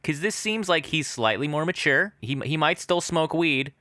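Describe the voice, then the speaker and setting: Male podcast co-host, bright and lively voice, dry close sound, easygoing chat. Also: fairly high pitch, normal speed, no room sound. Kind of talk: casual chat.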